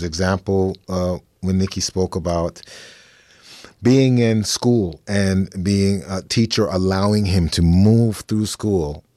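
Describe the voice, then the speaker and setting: A man hosting a podcast, asking his guest questions in a measured, reflective way. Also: fairly low pitch, darkish tone, dry recording. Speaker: podcast host. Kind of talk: interview questions. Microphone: remote call.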